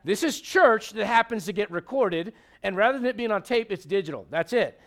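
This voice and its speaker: Male pastor, high-pitched, conversational sermon delivery, quizzes the congregation, punches key lines. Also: expressive, a little fast. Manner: conversational, emphatic, asks the congregation questions. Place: church sanctuary.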